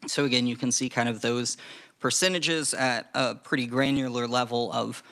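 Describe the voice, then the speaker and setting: A man presenting testimony to a legislative committee, measured and hedging, with frequent fillers. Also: medium pitch, steady tone, pushed and bright.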